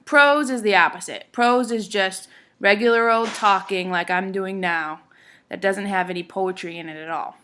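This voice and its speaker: A woman's voice: medium pitch, normal speed, a bit bright. A woman teacher giving a classroom lecture, explaining step by step in a patient way and often checking in with her students.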